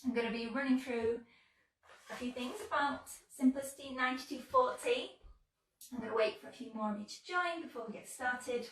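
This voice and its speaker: A woman's voice: sits high, a little fast. Upbeat English woman on a live stream. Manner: chatty and upbeat, greets viewers warmly. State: slightly under the weather. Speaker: sewing brand ambassador hosting a live stream. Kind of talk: live-streamed sewing tutorial. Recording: echoey room, mic at a distance.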